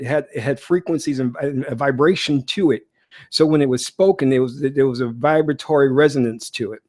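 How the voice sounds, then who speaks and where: A man talking as a spiritual teacher in a casual monologue, telling stories in an animated, blunt and preachy way, with many fillers and restarts. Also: medium pitch.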